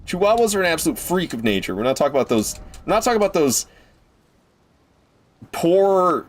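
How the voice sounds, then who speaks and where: A man's voice: on the high side, sing-song, fairly quick. Swearing, rambling male game streamer. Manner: rambling, swears freely, goes off on rants. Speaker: streamer playing a video game. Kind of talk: casual gameplay commentary.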